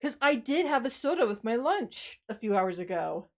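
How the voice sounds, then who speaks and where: This streamer's slightly high voice is very animated, moving at a moderate pace. Fresh from a workout, she's tired and breathless, rambling through casual live-stream chat with lots of sighs and self-deprecating remarks.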